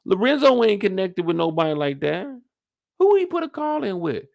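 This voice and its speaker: A man hosting a casual episode recap, animated and profane, firing off rhetorical questions. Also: high-pitched, normal speed, vocal fry, no echo, studio quality. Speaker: show recap host.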